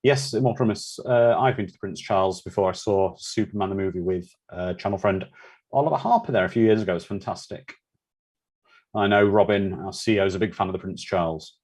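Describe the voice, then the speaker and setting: A man's voice: deep voice, brisk, darkish tone. A man hosting a live watch-party commentary, chatting casually and answering viewer comments.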